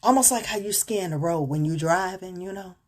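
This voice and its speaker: A woman hosts her own show in a loose, chatty monologue. Her voice is fairly low and husky, and she rambles, stumbling over words and restarting. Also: brisk. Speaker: host. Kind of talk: casual spoken monologue.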